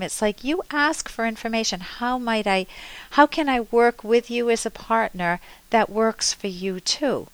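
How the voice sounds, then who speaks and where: A woman's voice: a little high, a little slow, smooth, dry recording, poor audio. A woman radio therapist hosting a call-in show, earnestly coaching a caller with spoken examples.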